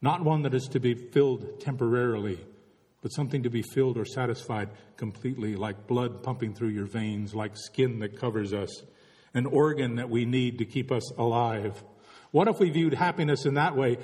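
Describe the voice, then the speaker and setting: A man's voice: medium pitch, darkish tone. Man preaching a reflective sermon in a hall. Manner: reflective, asks many rhetorical questions. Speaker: pastor.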